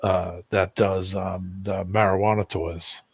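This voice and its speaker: A man's voice: low-pitched, level tone, slow, gravelly, breathy edge, no echo. A man chatting in an easygoing way, asking questions and telling stories. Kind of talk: casual chat.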